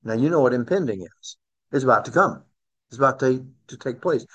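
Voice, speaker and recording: A man's voice: expressive, fairly quick, fairly bright tone, slightly rough. Man teaching a Bible class, dull recording. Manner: conversational, asks the class questions, rises in pitch for emphasis.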